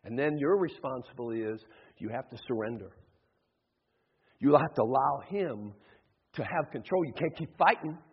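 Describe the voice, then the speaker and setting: A man preaching a sermon as pastor, acting out voices in his stories and swinging between loud calls and hushed asides. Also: medium pitch, animated, moderate pace, long pauses, husky. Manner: acts out voices in stories, shifts between shouting and hushed tones. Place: church sanctuary. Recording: dull sound, long hall reverb.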